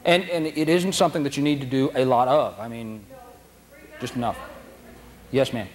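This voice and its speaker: A man's voice: mid-range voice, normal speed. Man lecturing at a dog training seminar. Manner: anecdotal, laughs often, acts out dogs and handlers.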